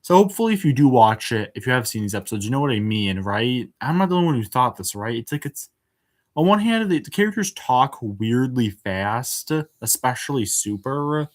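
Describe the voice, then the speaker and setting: A man's voice: mid-range voice, animated, brisk. A man hosting a casual spoken review, hesitant, with many filler words and restarts, and frank and exasperated in tone. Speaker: show reviewer.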